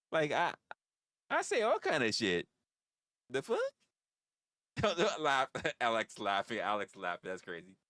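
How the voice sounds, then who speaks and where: A man's voice: medium pitch, huge pitch swings, takes it slowly, pauses often, pushed and bright, no room sound, studio quality. A man hosting a livestream in casual chat with viewers, blunt and profane, often stammering and restarting his phrases. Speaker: livestream host.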